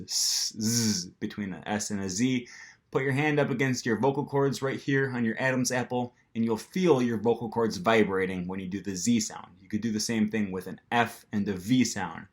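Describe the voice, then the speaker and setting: A man with an American accent teaching pronunciation to camera in a casual manner, with frequent ums, and acting out the sounds himself. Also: lowish voice. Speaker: language teacher.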